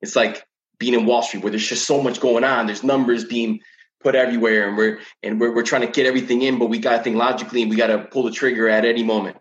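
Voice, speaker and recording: A man's voice: medium pitch, flat delivery, fast, lo-fi sound. A man talking about coping with anxiety as a teen coach in a casual podcast chat, earnest and often repeating words while he thinks.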